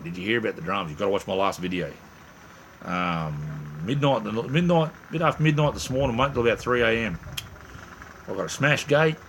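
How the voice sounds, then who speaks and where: A rambling, jokey middle-aged Australian man chatting casually to a live stream audience in a lowish voice. He restarts his sentences and drifts between stories. Faint vehicle and ambient noise sit behind him. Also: fairly bright tone. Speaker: livestream host. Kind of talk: casual live chat reading viewer comments.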